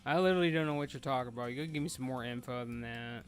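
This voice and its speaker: Over soft background music, a man with a medium-pitched voice talks very fast. Leading a raid in an online game on stream, he chats casually and barks blunt, profane instructions at his teammates.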